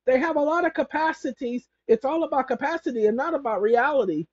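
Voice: sits high, fast talker. A speaker giving rambling legal commentary who reads passages aloud and keeps correcting themselves mid-sentence. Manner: emphatic and repetitive, corrects self mid-sentence. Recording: dull lo-fi recording.

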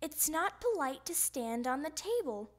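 A woman's voice: sits high, big pitch swings. Miss Otterbottom, a woman doing a prim otter librarian. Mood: correcting. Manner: measured, politely correcting.

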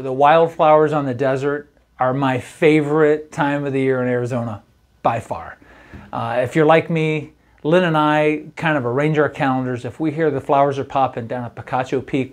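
A middle-aged male pastor talks through a short daily devotional in an easygoing, conversational way. His voice sits at an ordinary pitch for a man. He keeps tossing in friendly asides and quick "right?" check-ins. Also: a little mellow. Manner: conversational, folksy, often asks "right?". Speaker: campus pastor.

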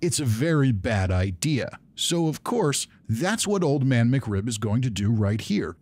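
A man narrating his own gameplay with a dry, sarcastic edge. His voice sits at an ordinary middle pitch and he keeps his asides deadpan. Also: unhurried. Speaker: let's play commentator. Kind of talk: gameplay commentary.

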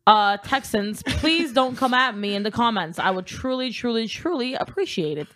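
Lively, playful young woman. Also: on the high side. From California. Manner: playful, teasing, quick to laugh. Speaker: podcast co-host. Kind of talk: casual chat.

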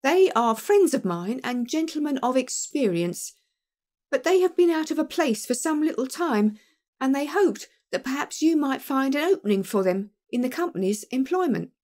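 A woman reading an audiobook, voicing a glib young male clerk who talks briskly and smoothly. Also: high voice, sing-song, darkish tone, voice pushed up. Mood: eager.

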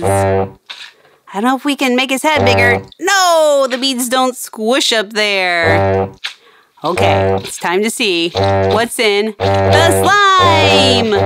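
A woman presenting a playful toy demonstration for children in an excited, sing-song way, with playful roars. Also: a little high. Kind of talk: playful toy demo for kids.

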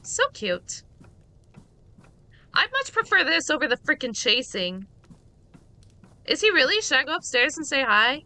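Bright, lively woman streamer. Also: high-pitched, a little slow, pauses often. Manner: playful, chatty, reacts to the game out loud. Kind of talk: let's-play commentary.

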